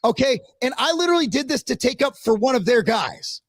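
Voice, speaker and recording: High-pitched gravelly man telling a story. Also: fairly quick, no room sound. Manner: animated, profane, acts out quoted people. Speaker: podcast co-host. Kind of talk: casual storytelling chat.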